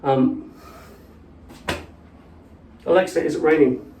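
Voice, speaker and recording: A man's voice: fairly high pitch, slow, a little mellow, a little hiss or hum. Ranting, foul-mouthed man in an echoey room. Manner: rambling, profane and ranting. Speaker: vlogger. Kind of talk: casual chat. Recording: echoey room, mic at a distance.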